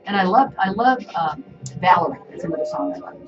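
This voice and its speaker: A woman in her sixties, a radio host telling stories in a casual, animated way and laughing often. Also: lowish voice, brisk, music in the background. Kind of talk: casual talk-radio chat. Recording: muffled live-stream audio from a distant mic.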